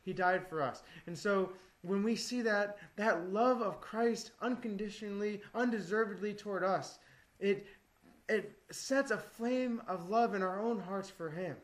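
A man's voice: high voice, unhurried. A man preaching a sermon in an earnest, exhorting way, often repeating phrases for emphasis.

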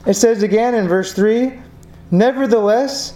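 A man's voice: high-pitched, measured pace, warm tone. A man preaching a sermon, earnest and building emphasis through repetition. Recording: echoey room, faint background noise.

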